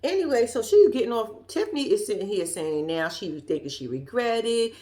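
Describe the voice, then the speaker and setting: A woman's voice: fairly high pitch, big pitch swings, a little fast, mellow. A woman giving a sassy, profane, casual commentary as she recaps a reality show episode. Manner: blunt, profane, sassy storytelling.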